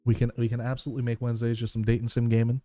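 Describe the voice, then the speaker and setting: A man's voice: mid-range voice, level tone, rapid-fire, warm tone, no echo. A man streaming live and chatting casually with his viewers, thankful and rambling with lots of fillers.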